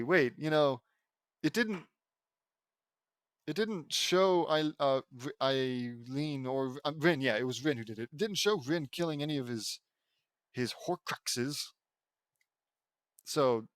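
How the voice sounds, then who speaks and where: A man's voice: on the high side, slow pace, long pauses, no room sound, clean studio sound. A young man reading fan fiction aloud and breaking off with sarcastic, bemused comments. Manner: sarcastic, riffing, stumbles and laughs at the text.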